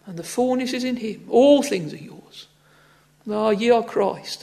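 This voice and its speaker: A man's voice: high-pitched, a little slow, gravelly, a little mellow. A man preaching a sermon in an earnest, exhorting manner, often breaking in with "ah, friends" and "oh".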